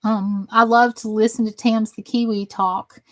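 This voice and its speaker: Her voice is fairly high and bright, her delivery flat and unhurried, with no echo. She's a Southern woman from the US running a crafting live stream, reading out comments in a folksy, chatty, self-deprecating manner.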